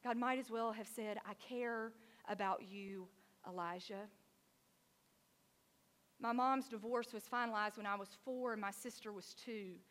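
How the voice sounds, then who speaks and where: A woman's voice: a little high, fairly quick, few pauses. Woman preacher with a long hall echo. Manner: animated storytelling with frequent "like". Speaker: pastor. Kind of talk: sermon.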